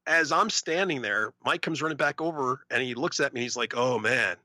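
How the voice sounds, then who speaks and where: A man co-hosting a podcast, telling a story in a casual, animated way and acting out the voices of other people. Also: fairly high pitch, a little fast, no room sound. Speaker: podcast co-host.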